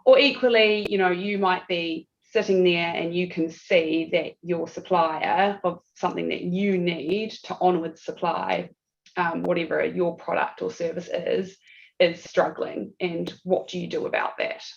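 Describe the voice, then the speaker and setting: A woman's voice: on the low side, steady tone, measured pace, vocal fry. A woman with a New Zealand accent presenting a legal webinar in a chatty, self-deprecating way with frequent fillers, over a video call. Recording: dull lo-fi video call audio.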